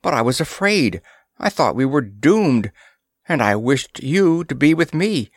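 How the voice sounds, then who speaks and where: A man's voice: medium pitch, very animated, measured pace, dry recording, clean studio sound, pitched above the performer's own voice. A man voicing a formal, earnest alien princess. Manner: formal, stilted phrasing. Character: earnest alien princess, young woman, direct.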